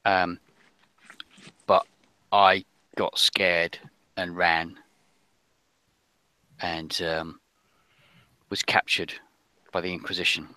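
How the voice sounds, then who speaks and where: A man voicing a frightened little French girl with a put-on French accent, pleading in a hushed, urgent way. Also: deep voice, flat delivery, drawn-out words, long pauses, clean tone, no room sound, voice pushed down, exaggerated voice. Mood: fearful.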